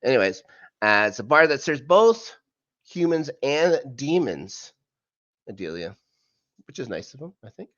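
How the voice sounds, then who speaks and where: Chatty man recapping with lively pitch. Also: a little slow, pauses often, dry recording, highs cut off. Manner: chatty, rambling recap full of fillers and asides. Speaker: podcast co-host. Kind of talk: casual rewatch recap chat.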